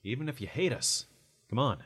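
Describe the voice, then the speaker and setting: A man's voice: medium pitch, animated, fairly quick, a bit bright, husky. A man hosting a metal podcast, chatting casually with lots of fillers and restarts. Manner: rambling, many fillers. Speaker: podcast host.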